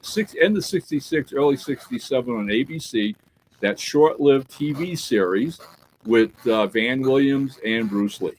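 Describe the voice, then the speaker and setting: A man co-hosting a casual podcast, telling a story with animated delivery and checking in with "right?" and "all right?" as he goes. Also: medium pitch, a little slow, slight background noise, low-quality recording. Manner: animated storyteller who acts out quoted dialogue; peppers talk with "right?" and "all right?". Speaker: podcast co-host.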